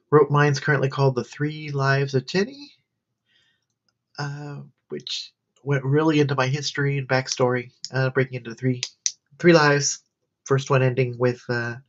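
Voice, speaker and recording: A tired woman, a college student, rambling through her day in a casual livestream diary. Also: very deep voice. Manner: rambling, wandering chat. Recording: dull lo-fi stream audio.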